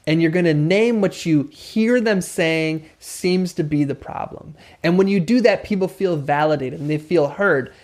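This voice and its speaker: Guy explaining negotiation tips, kinda high voice, plays out both sides of the talk. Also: normal speed, hardly any pauses, a little mellow. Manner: acts out both sides of a conversation. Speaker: host.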